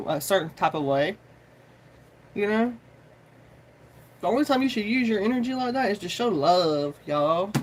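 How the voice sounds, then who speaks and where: Rambling, swearing live-stream tarot host. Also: medium pitch. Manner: rambling, swears freely, greets viewers by name; chatty and informal, says y'all often. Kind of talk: casual live-stream chat and pep talk.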